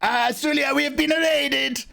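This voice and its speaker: A man doing a panicking male postman in a mock Italian accent, stammering and shouting. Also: very high-pitched, steady tone, measured pace, vocal fry, pitched above the performer's own voice, full character voice. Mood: frantic.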